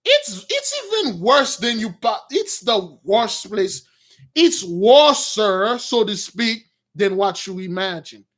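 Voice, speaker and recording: A man voicing a giant male underworld god who taunts slowly in a low, cold voice. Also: very animated, fairly bright tone, exaggerated voice. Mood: taunting.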